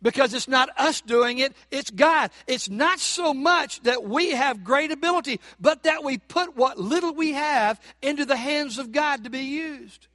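Pregador de voz aguda e brilhante. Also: male voice, extremely high pitch, measured pace, few pauses, sharp tone, dry recording, studio quality. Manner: preaching with rising emphasis and rhetorical questions. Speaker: pastor. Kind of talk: sermon.

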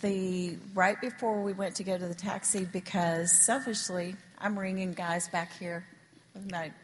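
A woman's voice: lowish voice, fairly even intonation. Hesitant woman sharing a church testimony. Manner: hesitant, halting with fillers. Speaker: pastor's wife sharing a testimony. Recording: long hall reverb, faint noise.

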